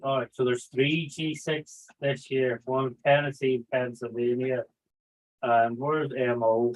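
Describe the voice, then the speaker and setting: A man hosts a casual livestream, speaking slowly in a medium-pitched voice that barely moves. He rambles, swears freely and reads chat messages aloud, and the audio sounds tinny, like a phone.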